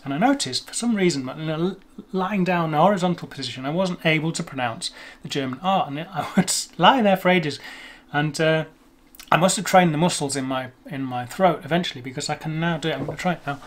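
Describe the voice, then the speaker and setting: A young man with a somewhat high voice talks through pronunciation in a relaxed, self-mocking way. He slows down to carefully sound out the tricky words before chatting on. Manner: chatty, self-deprecating, demonstrates words slowly. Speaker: language video host. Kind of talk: casual explanatory talk on pronunciation.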